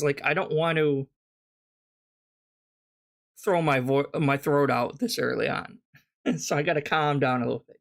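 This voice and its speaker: A streamer comments on clips in a sarcastic, mocking tone. The voice is mid-pitched, and the commentary swears freely. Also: fairly bright tone.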